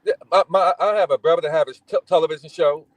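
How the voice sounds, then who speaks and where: A middle-aged man from Indiana tells family stories in a relaxed, casual way. His voice sits a little high and stays lively, slipping into the voices of people he describes. The recording is close and dry. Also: fast, no echo, rough recording. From Gary, Indiana, United States. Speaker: guest. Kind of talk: casual storytelling.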